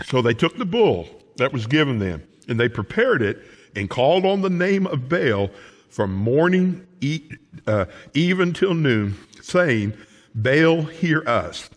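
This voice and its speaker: Lively preaching pastor in a reverberant church. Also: male voice, medium pitch, unhurried. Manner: animated, folksy preaching with asides to the congregation. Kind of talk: sermon. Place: church sanctuary.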